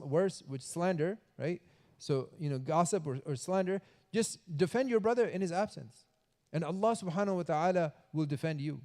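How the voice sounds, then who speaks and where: Mosque speaker, male, higher voice, informal sermon with little acted asides, reverberant prayer hall. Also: dark tone. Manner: conversational, acts out gossiping voices.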